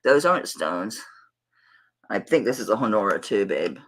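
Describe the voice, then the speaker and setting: A woman's voice: extremely low pitch, sing-song, normal speed, a bit bright, slight background noise, low-quality recording. A middle-aged woman with a Southern accent hosting a live jewelry auction, chatting casually and affectionately with viewers. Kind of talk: casual livestream chat.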